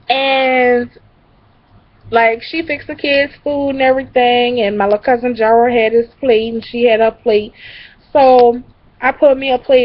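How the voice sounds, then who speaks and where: A young woman talks straight to her camera in a loose, rambling way, full of ums and swearing. Her voice sits fairly high. The recording is muffled and lo-fi. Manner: rambling, profane, laughing, many fillers. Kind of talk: casual storytelling vlog. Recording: dull lo-fi recording.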